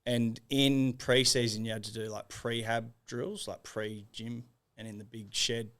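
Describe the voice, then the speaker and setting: A young Australian man with an Australian accent, a guest telling stories in a relaxed way and laughing often. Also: mid-range voice, measured pace. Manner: relaxed, laughs often, laid-back storytelling. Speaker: podcast guest, former footballer. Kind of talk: casual interview chat.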